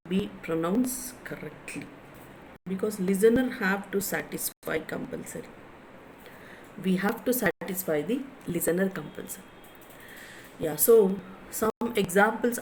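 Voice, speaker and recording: A woman's voice: mid-range voice, darkish tone, a little hiss or hum, low-quality recording. A woman, giving a classroom lecture on pronunciation, often repeating herself and asking the class questions. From India. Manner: repeats points, asks the class rhetorical questions. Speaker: English lecturer.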